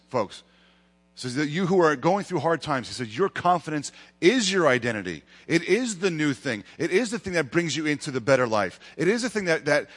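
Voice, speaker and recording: A man's voice: fairly high pitch, fairly bright tone. A male pastor preaching a sermon, with emphatic rises and dramatic retellings of scripture. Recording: long hall reverb.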